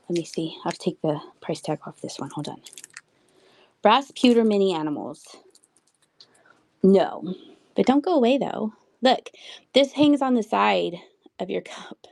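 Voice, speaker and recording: A woman's voice: medium pitch, lively intonation, measured pace, gravelly, long pauses, a little mellow. A woman hosting a casual live-selling stream from home, rambling between items and reading out viewer comments. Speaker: livestream seller. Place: home room with shelves.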